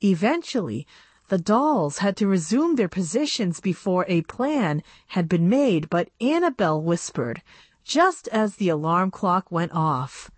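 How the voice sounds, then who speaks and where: Woman reader for a radio reading service; expressive storybook delivery with a lively, varied tone. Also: lowish voice, a little slow, breathy edge, no room sound. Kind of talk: reading a children's book aloud.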